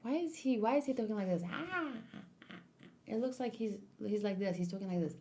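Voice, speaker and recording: Woman reading a manga aloud, mid-pitched, with chatty asides about the pictures. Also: expressive, fast, dark tone. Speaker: reader. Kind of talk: manga read-along with commentary.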